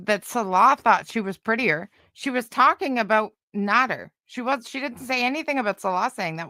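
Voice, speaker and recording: A woman's voice: a little high, animated, moderate pace, hardly any pauses, sharp tone, no echo. A woman hosting a casual commentary stream, talking in a sarcastic, rambling way with lots of fillers. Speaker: commentary channel host.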